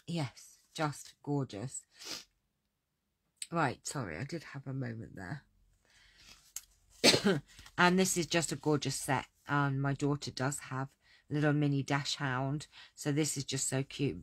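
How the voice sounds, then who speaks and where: A woman's voice: a bass voice, a little slow, long pauses, a bit bright, no room sound. A middle-aged woman chatting through a craft catalogue, gushing and repeating her praise. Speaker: crafting demonstrator. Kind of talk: casual product walkthrough.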